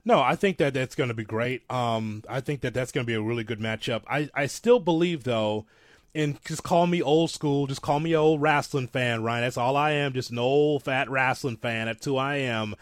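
Animated rambling man, dry sound. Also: mid-range voice, moderate pace, no echo. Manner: animated, rambling, self-described old-school fan. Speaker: podcast co-host. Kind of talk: casual wrestling talk.

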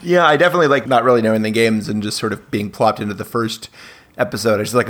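A man's voice: on the low side, quick pace, fairly bright tone. A man in casual podcast chat, speaking hesitantly with many hedges. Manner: hesitant, full of hedges like "sort of" and "like". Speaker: podcast panelist.

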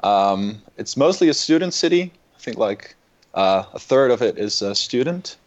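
A man's voice: medium pitch, lively intonation, moderate pace. A young man from the Netherlands with a Dutch accent, guesting on a podcast, polite and easygoing. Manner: polite, easygoing, laughs along. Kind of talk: casual chat.

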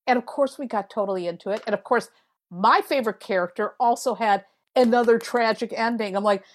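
A middle-aged woman talks casually as a podcast guest, lively and expressive, acting out what she said in her stories. Her voice sits a little high for a woman. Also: brisk. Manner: animated storyteller, acts out her own quotes. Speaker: guest, tarot reader.

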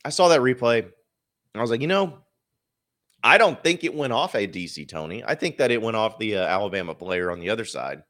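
A man's voice: fairly low pitch, expressive, brisk, a bit bright. A man hosting a solo sports podcast, giving casual, opinionated commentary with wry asides.

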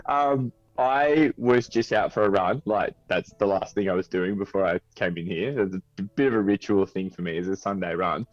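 A man's voice: on the low side, normal speed, few pauses, no room sound, dull audio. A man with an Australian accent, a podcast guest, telling a self-mocking story with laughs. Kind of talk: casual interview storytelling.

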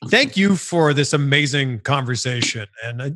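A man hosting an interview, speaking with enthusiasm and warm thanks. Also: mid-range voice, animated, normal speed, no room sound. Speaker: interview host. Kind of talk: casual interview chat. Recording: music behind the voice.

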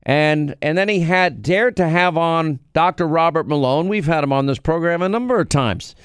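A man's voice: on the high side, normal speed, clean tone, dry recording, clean studio sound. An American man hosting a talk radio show, delivering an emphatic, conversational monologue with frequent restarts. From United States.

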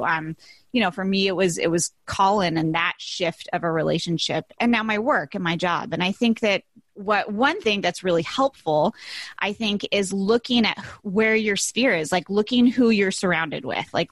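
A woman's voice: medium pitch, a bit bright, dry recording. A woman in her thirties, a podcast guest, talking in an effusive casual way, full of likes and restarts. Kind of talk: casual interview chat.

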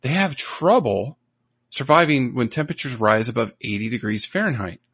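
A man's voice: medium pitch, animated, normal speed, fairly bright tone, breathy edge, dry recording. Guy geeking out on a podcast, voice bouncing all over, dry no-room sound. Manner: enthusiastic, nerdy, rambling. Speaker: podcast co-host. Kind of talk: casual nature chat.

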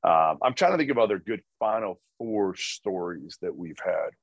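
A man co-hosting a sports podcast, telling a story in a low-key, wry way with casual swearing. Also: lively intonation, normal speed, creaky, breathy edge, no echo. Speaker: podcast co-host.

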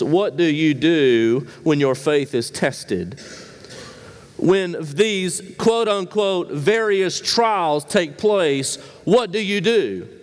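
High-voiced preacher in a reverberant hall. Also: male voice. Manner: rhetorical questions, swings between high emphatic and low quiet delivery. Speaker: pastor. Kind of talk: sermon.

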